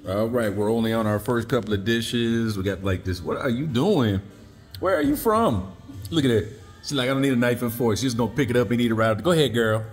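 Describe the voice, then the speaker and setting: A man's voice: mid-range voice, animated, brisk. A man filming a casual restaurant vlog, joking and teasing his dinner partner. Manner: teasing, playful banter. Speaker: food vlogger. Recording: echoey room with music.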